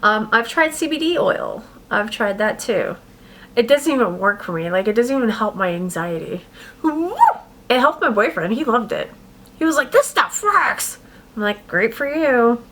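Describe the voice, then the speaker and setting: A woman's voice: a little high, very animated, moderate pace, fairly bright tone. A young woman telling her personal story to camera in a rambling, casual way, with sudden vocal tic outbursts. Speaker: vlogger.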